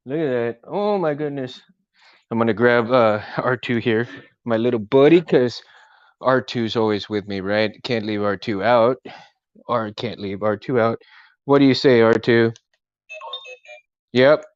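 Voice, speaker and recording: A man's voice: mid-range voice, unhurried, pauses often, clear, resonant tone, no echo. Casual male home vlogger, filler-heavy, chuckling; dry, muffled handheld audio. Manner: rambling, laughing, many fillers. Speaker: vlogger and collector. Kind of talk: casual chat to camera. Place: room at home. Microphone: camera handheld while walking.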